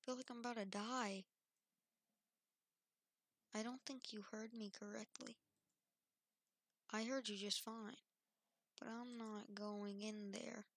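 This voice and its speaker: A woman acting out a casual game role-play in a slightly high, gravelly voice. She speaks slowly and haltingly, often pausing on fillers. The sound is dry and close. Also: fairly even intonation, fairly bright tone, no echo. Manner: hesitant, halting, full of fillers. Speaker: role-play channel host.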